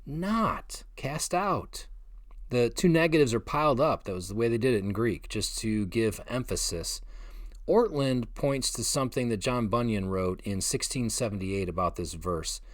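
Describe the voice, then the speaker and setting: A man preaching a short devotional message as a pastor, earnest and gentle, with emphatic pauses. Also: mid-range voice, dry recording, clean studio sound. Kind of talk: short devotional sermon video.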